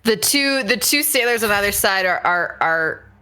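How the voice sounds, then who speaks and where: Bright-voiced woman game master. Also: medium pitch, expressive, clear, resonant tone. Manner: halting, full of fillers. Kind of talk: narrating a tabletop game.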